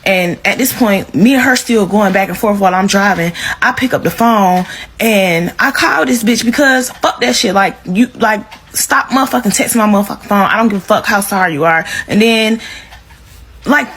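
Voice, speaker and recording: A woman's voice: mid-range voice, a bit bright, slightly rough. Woman cussing through a heated storytime. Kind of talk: storytime rant to camera.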